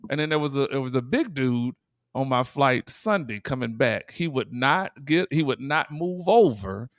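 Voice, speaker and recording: Brief: male co-host, casual chat, halting delivery with lots of restarts, dry close sound. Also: mid-range voice, animated, fairly bright tone, no room sound. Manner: laughing, halting storytelling with many restarts. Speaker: podcast co-host.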